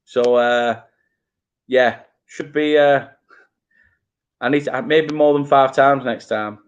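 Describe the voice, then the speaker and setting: A man's voice: medium pitch, steady tone, slow pace, lo-fi sound. A young man with a Burnley accent hosting a live football watchalong, chatting casually and poking fun at his own slip-ups. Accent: Burnley, Lancashire. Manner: casual, self-mocking, stumbles over names. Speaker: fan channel host. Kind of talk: live watchalong chat, reading chat comments.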